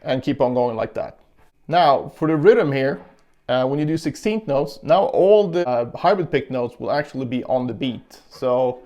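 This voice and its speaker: A man's voice: medium pitch, expressive, unhurried, long pauses, dark tone, dull audio. A man giving a casual guitar lesson, explaining picking and counting beats aloud as he demonstrates. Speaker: guitar teacher. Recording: guitar playing in between.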